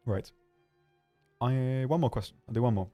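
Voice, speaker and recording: A man hosting a livestream, answering viewer questions in a hesitant, rambling way with dry, deadpan humor. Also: medium pitch, normal speed, muffled recording, soft background music. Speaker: livestream host.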